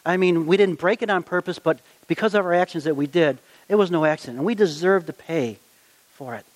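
Animated middle-aged man telling a story. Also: on the high side, brisk. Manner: animated, folksy storytelling with acted-out quotes. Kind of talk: personal anecdote, told aloud.

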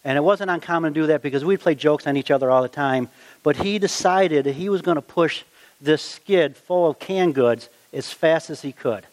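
A middle-aged man telling a personal anecdote in a folksy, animated way, acting out the quotes as he goes. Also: on the high side, moderate pace. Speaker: storyteller. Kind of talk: personal anecdote, told aloud.

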